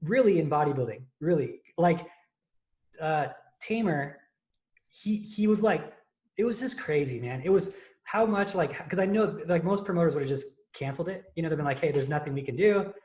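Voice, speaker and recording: Podcast host, male, young adult, fairly high voice, animated and rambling. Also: normal speed. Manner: animated storytelling, many fillers and restarts. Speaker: podcast host and contest prep coach. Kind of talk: casual chat.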